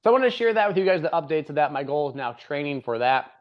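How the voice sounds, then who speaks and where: Fast and very animated, this young podcast host has a fairly high-pitched voice. He rambles cheerfully through casual chat, laughing often, captured on slightly dull lo-fi audio.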